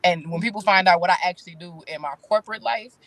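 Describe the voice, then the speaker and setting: A woman's voice: fairly low pitch, quick pace, a bit bright, no room sound. A woman in her thirties, a talk show guest, speaking candidly in casual chat with blunt, slangy phrasing. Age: 30s.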